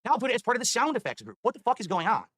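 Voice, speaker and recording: A male streamer rattles on at a very fast clip, exasperated and swearing as he goes. His voice is bright and a touch high, and it sounds dry and close with no room around it. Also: huge pitch swings, dry recording. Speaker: livestreamer. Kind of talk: live stream chatter.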